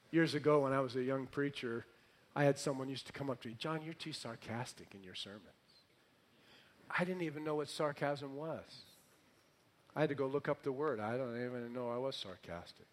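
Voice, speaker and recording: A man's voice: medium pitch, normal speed. A middle-aged male pastor preaching a sermon, reading scripture dramatically and telling it with sarcastic humor. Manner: animated storytelling with sarcastic humor.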